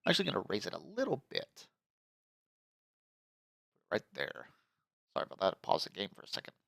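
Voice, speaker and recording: A man's voice: fairly low pitch, wildly swooping pitch, fairly quick, gravelly, fairly bright tone, dry recording, clean studio sound. A man giving casual, joking let's play commentary, swearing freely and laughing often. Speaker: gamer.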